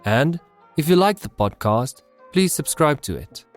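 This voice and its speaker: A South African man with a South African English accent, hosting an English-learning podcast and reading his lesson in a clear, measured way. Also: on the high side, very animated, soft background music. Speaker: podcast host.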